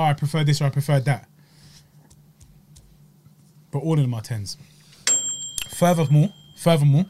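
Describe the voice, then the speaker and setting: A man's voice: fairly high pitch, a little mellow. A man, hosting a podcast and reviewing desserts in casual, emphatic chat full of slang and repeated lines. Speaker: podcast host. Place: studio.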